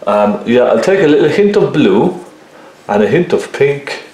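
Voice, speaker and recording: A man giving a relaxed painting tutorial, talking viewers through each step and often checking in with them as he works. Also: mid-range voice, measured pace. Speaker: painting teacher. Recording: very echoey room.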